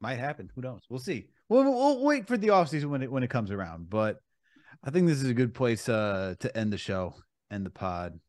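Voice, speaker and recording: Young New man, relaxed podcast host. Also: medium pitch, fairly quick, no room sound, clean studio sound. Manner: reads sign-off plugs, relaxed. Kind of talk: podcast outro and sports chat.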